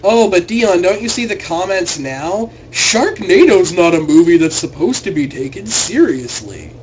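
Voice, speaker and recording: Young guy teasing his buddy on a podcast, highish voice, bit of faint hiss behind. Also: animated, measured pace, low-quality recording. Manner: teasing, playful devil's advocate. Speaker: podcast co-host. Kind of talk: casual banter.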